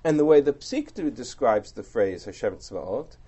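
A man leads a text study class, explaining passage by passage with rhetorical asides. His pitch moves in a lively, animated way. His tone is warm and mellow. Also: normal speed, breathy edge. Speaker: teacher.

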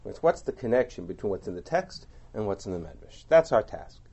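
A man teaching a text study class, explaining with animated, rhetorical asides. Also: fairly low pitch, a little fast, slightly rough.

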